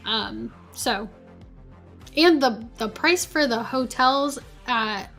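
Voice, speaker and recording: A woman's voice: fairly high pitch, slow pace, a bit bright, soft background music. A woman co-hosting a casual chat, talking in an easygoing, chatty way. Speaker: co-host.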